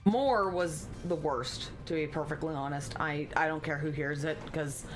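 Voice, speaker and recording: A woman's voice: low voice, normal speed, soft background music. Chatty woman streamer, rambling and swearing. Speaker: game streamer. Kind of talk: casual live-stream chat.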